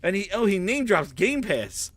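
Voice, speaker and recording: A man's voice: sits high, very animated, moderate pace, a bit bright, breathy edge, dry recording. A man commentating on gaming news, profane and mocking, breaking into theatrical whoops. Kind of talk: reaction commentary.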